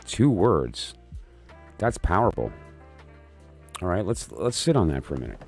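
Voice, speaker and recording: A man's voice: sits low, lively intonation, moderate pace, darkish tone, soft background music. A man hosting a late-night live stream of oracle readings, rambling and joking as he talks to his viewers. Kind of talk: casual live-stream chat.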